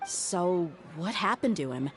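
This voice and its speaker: Blunt, low-voiced mercenary. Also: female voice, animated, slow, a little hiss or hum. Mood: concerned. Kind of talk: game cutscene dialogue.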